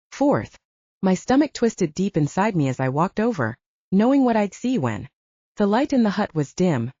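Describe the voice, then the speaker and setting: A woman reading a first-person supernatural novel aloud as an audiobook narrator, with expressive storytelling. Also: on the low side, dry recording, dull audio.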